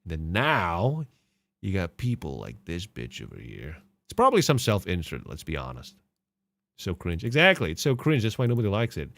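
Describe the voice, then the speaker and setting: A man's voice: deep voice, huge pitch swings, moderate pace, vocal fry, a bit bright, dry recording. A man hosting a podcast and reacting to game clips in casual commentary, sarcastic and mocking, swearing and laughing often. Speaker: podcast host.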